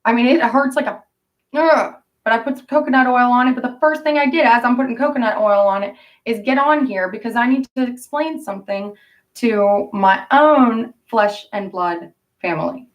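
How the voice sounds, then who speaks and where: A woman's voice: on the high side, normal speed, recorded from a distance. A woman vlogging in a rambling, indignant and emotional way. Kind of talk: casual rambling vlog monologue.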